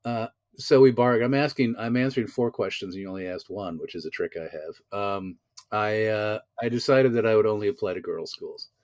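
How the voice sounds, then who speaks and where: A man's voice: on the low side, a little fast, a little mellow, no room sound. A man, raised in the American South, telling stories as an actor guest in a casual interview, wordy and self-mocking.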